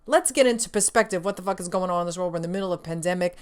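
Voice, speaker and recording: A young woman hosts a gaming news roundup with a slightly low voice. She rants with sass and plenty of swearing. She laughs often as she vents. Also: rapid-fire, clear, resonant tone. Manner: profane, sassy, laughs often, exasperated. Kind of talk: casual gaming news rant.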